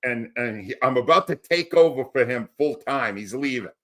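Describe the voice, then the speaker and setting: Man in his sixties, radio veteran guest, mid-pitched, reflective storyteller. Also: animated, moderate pace, a bit bright. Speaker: retired sports radio host, guest. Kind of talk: casual interview chat.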